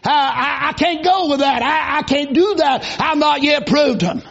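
Man preaching as a brave young shepherd boy, earnest, high voice, lo-fi muffled. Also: normal speed, vocal fry, fairly bright tone, exaggerated voice.

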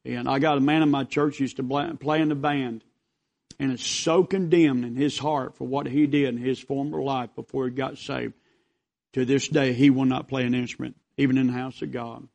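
A man's voice: mid-range voice, little pitch movement, normal speed, vocal fry, darkish tone, muffled recording. A man preaching a revival sermon as a visiting preacher, telling stories in a folksy, rambling way.

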